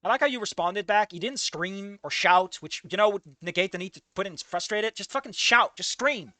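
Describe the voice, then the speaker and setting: Reviewing fanfiction, a man reads a fanfic while swearing often in exasperated, profane commentary. His high voice is brisk, bright and forceful, and the recording is dry.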